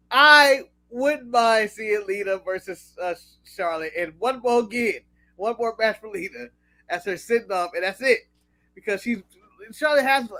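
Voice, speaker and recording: A man's voice: sits high, sharp tone, no room sound. A man from the United States co-hosting a wrestling podcast, talking bluntly in casual chat, swearing freely and laughing at his own jokes. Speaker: podcast co-host.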